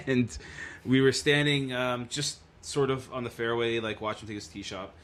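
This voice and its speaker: A man's voice: medium pitch, little pitch movement, normal speed, fairly bright tone. A man co-hosting a casual sports podcast, telling rambling stories and laughing mid-sentence. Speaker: podcast co-host. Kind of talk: casual chat.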